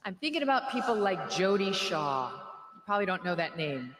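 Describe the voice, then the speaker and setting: A woman delivers a rally speech in a bright, sharp voice, trading in sarcasm and mocking jokes. Her words ring out through a large, echoey hall with a long reverb tail and faint crowd noise beneath. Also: fairly low pitch, big pitch swings, moderate pace. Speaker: rally speaker.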